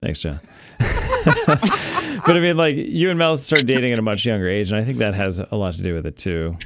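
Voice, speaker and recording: A man's voice: on the low side, expressive, brisk, fairly bright tone. A man who produces and regularly joins a podcast, asking rambling, hesitant questions full of fillers in a casual chat.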